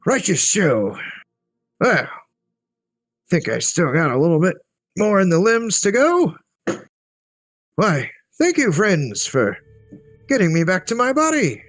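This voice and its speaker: An absent-minded old wizard rambles along, as a man puts him on in a raised voice that swings widely up and down. He talks slowly and cheerfully, losing his thread, over faint background music. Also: sits high, big pitch swings, a bit bright, dry recording, pitched above the performer's own voice, exaggerated voice. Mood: chipper, rambling. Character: befuddled old male wizard, rambling and forgetful.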